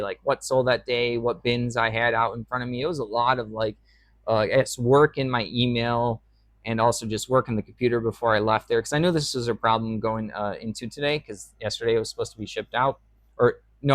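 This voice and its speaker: A man's voice: mid-range voice, a bit bright, no echo. A young man talking casually in a vlog, rambling with lots of fillers. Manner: rambling, chatty, with frequent fillers. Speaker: reseller vlogger.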